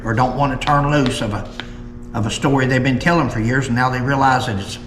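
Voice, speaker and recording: A man's voice: a little high, bright, forceful tone, slight background noise. Folksy man in an echoey room. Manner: folksy, opinionated, slows down for emphasis. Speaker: history show host. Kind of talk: casual history talk, reading old articles aloud. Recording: echoey room with long reverb.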